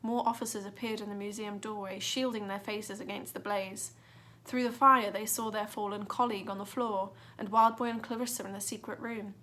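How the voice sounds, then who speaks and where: A woman's voice: mid-range voice, steady tone, brisk, sharp tone. A woman reading a children's adventure book aloud with dramatic expression. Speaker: narrator. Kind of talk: storybook reading.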